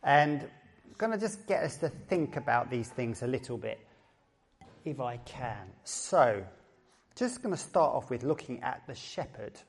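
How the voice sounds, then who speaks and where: A middle-aged man with an Essex twang gives a relaxed, conversational sermon at a church service. He jokes with his listeners and doubles back on his own phrases. His pitch sits in an ordinary middle range for a man. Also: a little slow, husky. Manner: chatty, joking, repeats phrases. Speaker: pastor.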